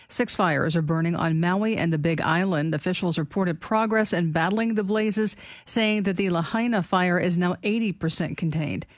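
A woman co-hosting a talk radio show, reading news stories aloud in an even, matter-of-fact way. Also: fairly low pitch, no room sound.

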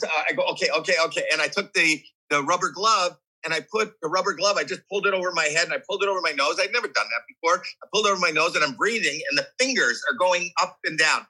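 A man's voice: a little high, breathy edge, poor audio. A man in his sixties as an interview guest, telling a story animatedly, acting out voices and reactions, with frequent restarts and repeated words. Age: 60s. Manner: animated, acts out voices and reactions while recounting. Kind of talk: candid storytelling conversation.

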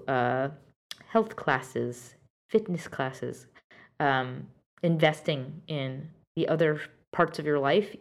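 A woman hosting an advice podcast, talking earnestly and directly to a listener, with frequent fillers and restarts. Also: sits low.

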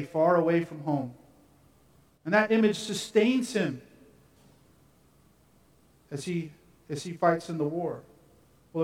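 A man preaching a sermon, first reading scripture and then telling stories in a measured way. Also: high-pitched, recorded from a distance. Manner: measured reading that shifts into storytelling. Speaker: pastor. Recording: roomy sound, from away from the mic.

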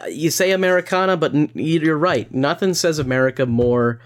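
A young man co-hosting a podcast in casual chat, wry and teasing, with a deadpan edge and some swearing. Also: on the high side, normal speed. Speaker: podcast co-host.

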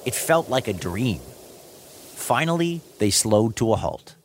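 A man hosting and narrating a story in an expressive, playful manner. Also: mid-range voice, unhurried, a little hiss or hum. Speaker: host and narrator.

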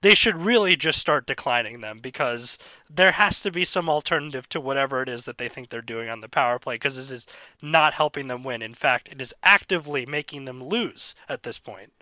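Bright-voiced man critiquing hockey play. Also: mid-range voice, fairly quick, dry recording, highs cut off. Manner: argumentative, critical analysis. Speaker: hockey podcast co-host. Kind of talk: casual sports analysis.

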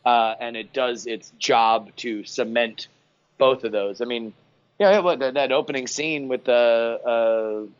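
A man guest on a podcast, giving animated, emphatic opinions in casual chat. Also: mid-range voice, measured pace, smooth, no echo. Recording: dry, slightly dull sound.

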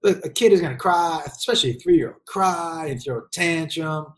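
Middle-aged parent with mid-range pitch, blunt and foul-mouthed, riffing in a comedic rant. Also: moderate pace. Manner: blunt, profane, emphatic. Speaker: parent giving advice.

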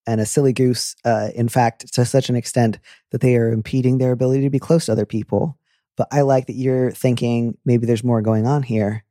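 A man's voice: medium pitch, fairly even intonation, warm tone, dry recording, clean studio sound. A man hosting an advice show in a casual, joking chat. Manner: playful, joking, quick asides. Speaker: advice podcast host.

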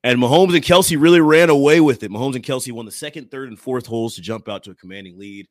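A man's voice: medium pitch, fast, dry recording, clean studio sound. A man hosting a sports podcast, chatting casually and laughing easily with his co-host.

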